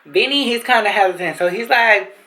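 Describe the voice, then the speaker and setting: A young woman vlogger telling a storytime tale to camera in an animated, slangy, profane way. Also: mid-range voice, a little fast, low-quality recording. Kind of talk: storytime vlog.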